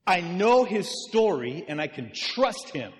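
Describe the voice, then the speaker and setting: A man's voice: sits high, big pitch swings, measured pace. A man, a pastor, giving a sermon in a conversational style and talking directly with his congregation. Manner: conversational preaching that engages the congregation. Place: church. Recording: long reverb of a large church hall.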